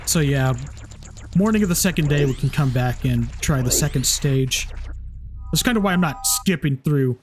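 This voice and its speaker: A man's voice: on the high side, animated, normal speed, a little hiss or hum. A man giving casual let's play commentary, rambling with many restarts and fillers. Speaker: gameplay commentator. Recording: game music playing behind.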